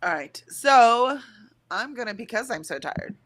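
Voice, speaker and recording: A woman's voice: medium pitch, expressive, a little fast, pushed and bright, husky, dry recording. Tired woman reading out chat comments. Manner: sleepy, laughs often. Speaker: co-host of a writing sprint livestream.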